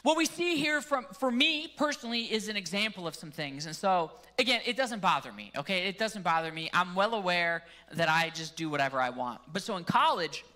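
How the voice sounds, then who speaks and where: Male pastor with a Canadian accent, bright and forceful, relaxed and jokey in the pulpit. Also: high voice, brisk, few pauses. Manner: casual, joking asides. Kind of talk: sermon.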